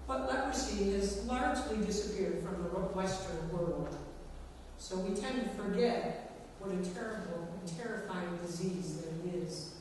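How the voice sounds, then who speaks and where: A woman delivers a sermon at an unhurried, deliberate pace, leaning on dramatic pauses. Her voice sits at a middle pitch and comes from well back in a large, reverberant church. A long hall echo trails every phrase, with faint room noise under it. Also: a little mellow. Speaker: preacher. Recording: echoey church hall, recorded from far off.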